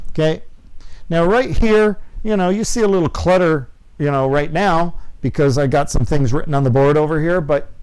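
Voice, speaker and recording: Man, slightly high voice, teacher, casual lesson delivery, repeats for emphasis, clip-on mic, small studio. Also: a little mellow. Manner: repeats words and checks in with "okay?". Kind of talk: video production lesson to students. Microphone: clip-on lapel mic.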